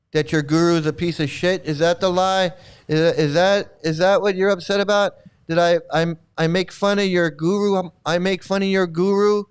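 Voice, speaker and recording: A man's voice: high voice, clean tone. A man ranting in mocking commentary, combative and repetitive. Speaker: streamer.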